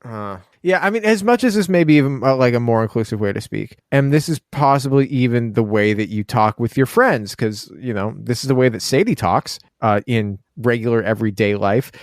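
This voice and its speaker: A man's voice: mid-range voice, expressive, brisk, hardly any pauses, dry recording, studio quality. Wry man co-hosting a podcast. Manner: wry, talks in long explanatory runs, acts out quoted voices. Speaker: podcast co-host. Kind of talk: casual chat.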